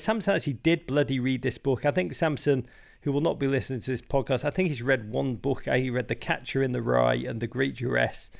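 A man's voice: mid-range voice, creaky. A middle-aged English man, a guest author talking in a casual interview, emphatic and wry.

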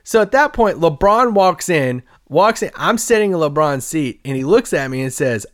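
A man's voice: a little high, big pitch swings, normal speed, no room sound, studio quality. A man hosting a podcast, a sports reporter telling a story in a loose, rambling way and laughing often as he goes. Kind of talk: casual anecdotal storytelling.

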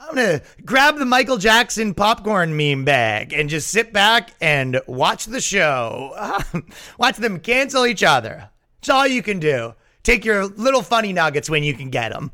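A man's voice: a little high, pushed and bright. A man hosting a podcast in a casual monologue, sarcastic, swearing freely and laughing at his own jokes. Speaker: podcast host.

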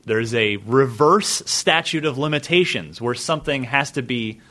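A man hosts a casual gaming podcast. His voice is bright and lively, rising and falling a lot as he chats. He runs the show's segments in an easygoing way. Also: mid-range voice, normal speed. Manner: animated, chatty, plugs segments. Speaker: podcast host.

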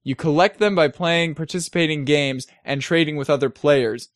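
A young man co-hosting a casual gaming news chat, wry and quick to laugh as he reads news items. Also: a little high, dry recording, studio quality. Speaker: co-host.

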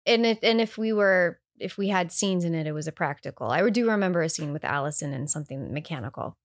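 A woman's voice: on the low side, expressive, fast, dry recording, clean studio sound. A young adult woman chatting casually as co-host, laughing easily as she answers questions. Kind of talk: casual chat.

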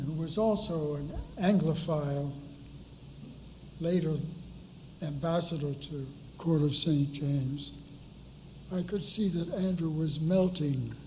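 An older man on a discussion panel, telling a story in an unhurried, measured way. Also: fairly high pitch, warm tone, a little hiss or hum, low-quality recording. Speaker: panelist recalling hiring a colleague. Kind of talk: anecdotal storytelling. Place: panel discussion at an art school.

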